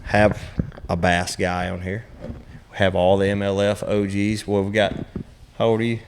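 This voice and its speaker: A man's voice: lowish voice, flat delivery, moderate pace, a little hiss or hum. A man hosting a casual group chat, joking and laid-back, with frequent fillers. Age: 30s. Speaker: host.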